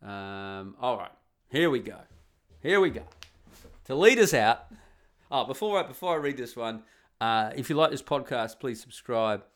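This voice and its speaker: A man's voice: mid-range voice, animated, normal speed, pauses often, a bit bright. A man hosting a podcast in a casual, rambling way, muttering and humming to himself as he searches through comments. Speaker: podcast host.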